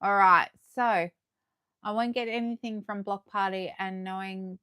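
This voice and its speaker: A woman chatting excitedly to viewers as she unboxes collectibles live, her voice going a little hoarse. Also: medium pitch, unhurried, dry recording, clean studio sound. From Australia. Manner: chatty and excitable, gasping and laughing, talking to viewers. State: losing her voice. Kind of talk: casual live unboxing chat.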